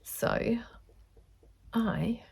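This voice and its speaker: A woman's voice: drawn-out words, darkish tone, in a whisper. An Australian woman chatting casually as she teaches sewing, rambling between topics. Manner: rambling, chatty, self-aware. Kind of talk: casual chatty tutorial vlog.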